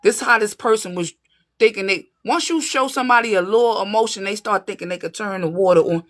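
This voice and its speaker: A woman's voice: mid-range voice, fairly quick. A woman giving a casual tarot reading to her viewers, talking in an emphatic, streetwise way and often checking in with her listeners. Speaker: tarot reader.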